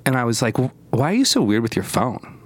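A man, a podcast guest, telling dating stories in casual chat, animated and full of fillers. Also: medium pitch. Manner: animated, rapid anecdotes with many fillers.

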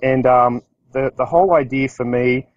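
A middle-aged man with an Australian accent tells business stories in a loose, rambling way, often restarting and acting out what people said. His voice sits at an ordinary pitch for a man. The recording is dry, with no room echo. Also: normal speed, dull audio. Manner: rambling anecdotes with restarts, acts out quotes. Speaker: business owner. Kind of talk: casual storytelling talk.

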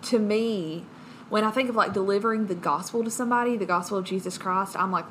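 A woman's voice: mid-range voice, fairly quick, fairly bright tone, slight background noise, low-quality recording. A woman co-hosting a casual Bible-study podcast, bubbly and joking, laughing often. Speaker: podcast co-host.

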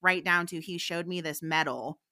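A woman's voice: lowish voice, moderate pace, bright, forceful tone. A woman, a psychic medium guest, telling a story in a candid, chatty way and laughing often. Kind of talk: casual anecdotal storytelling.

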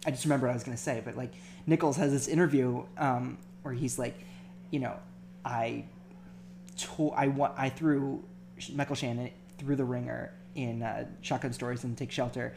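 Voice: mid-range voice, steady tone, normal speed, gravelly, darkish tone, a little hiss or hum. A co-host in a casual film discussion, thoughtful and hesitant, restarting sentences often. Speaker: podcast co-host.

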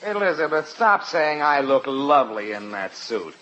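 A blustering husband with a bright, forceful voice, bossing the house and rambling on about himself. The sound is dull and muffled like an old radio broadcast with faint hiss. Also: male voice, a little high, very animated, moderate pace. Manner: bossy, rambling, comic bluster. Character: blustering, vain middle-aged husband. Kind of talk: 1940s radio comedy acting.

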